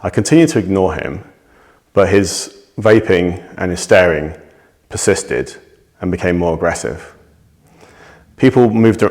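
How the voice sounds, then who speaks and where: In a low voice, a man gives a testimony about a personal incident, telling it in a measured, steady way with small restarts.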